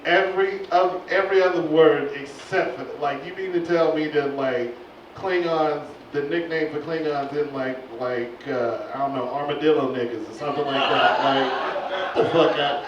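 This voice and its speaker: Brief: male stand-up comic, fairly high voice, recorded from afar in a roomy club, lo-fi, with laughter and noise behind. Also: normal speed. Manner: animated, voice jumping high for punchlines. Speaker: stand-up comedian. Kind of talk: stand-up comedy set. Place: comedy club stage. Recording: echoey club, far-off lo-fi recording.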